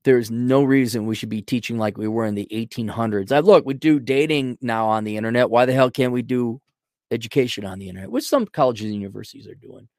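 A man's voice: mid-range voice, fast, a little mellow, no room sound. Podcast host, male, middle-aged, American, rambling and sarcastic, dry close sound. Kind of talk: casual ranting monologue.

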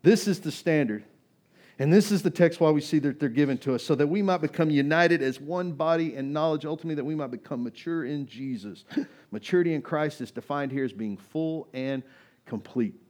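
A man's voice: fairly high pitch, brisk, darkish tone. A male pastor preaching a sermon in a church, talking in a casual, conversational way and pressing his points with emphasis. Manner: conversational, emphatic, rising to exhortation.

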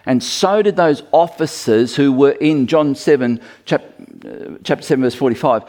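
A man's voice: medium pitch, normal speed. A man preaching a Bible sermon in a conversational way, acting out quoted lines. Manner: lively, conversational, acts out quotes.

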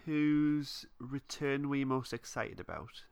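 A man co-hosting a casual podcast, recapping a plot in a relaxed way and often trailing off with vague wrap-ups. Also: medium pitch, takes it slowly, vocal fry, clean tone. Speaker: podcast co-host. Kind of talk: casual fan podcast chat.

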